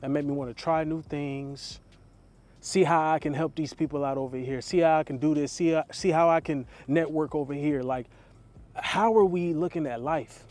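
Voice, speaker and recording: A man's voice: fairly high pitch, fairly even intonation, moderate pace, darkish tone, dry recording. A young man, a dating coach, giving a blunt, slangy motivational talk straight to camera.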